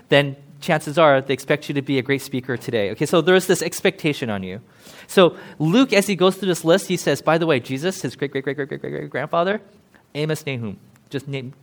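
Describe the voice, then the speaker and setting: A man, a pastor, preaching a casual, chatty sermon, laughing often and acting out quoted voices. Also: a little high.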